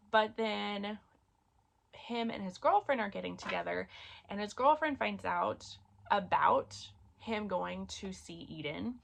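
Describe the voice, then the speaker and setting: A book reviewer with a medium-pitched, fairly bright voice and some vocal fry chats casually about romance novels she's read. She uses lots of fillers and gets emotional over a favorite series.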